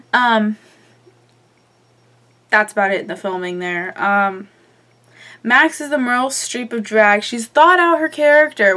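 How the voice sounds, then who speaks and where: A woman's voice: fairly high pitch, fairly bright tone. A young woman vlogger chatting casually through a recap, with lots of ums and offhand swearing.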